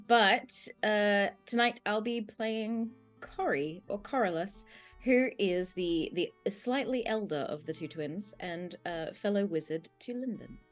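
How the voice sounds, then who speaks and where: Woman, Australian accent, stream player, upbeat, laughs a lot, medium pitch, faint music. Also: unhurried. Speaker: player and fellow game master. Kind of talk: casual stream chat.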